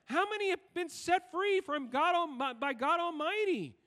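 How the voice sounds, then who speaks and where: A man with a high voice preaches to his congregation, throwing questions out to the room as he reads and explains scripture. His voice rings with a long reverb through the church sanctuary. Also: expressive, moderate pace, sharp tone. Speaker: pastor. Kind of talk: sermon.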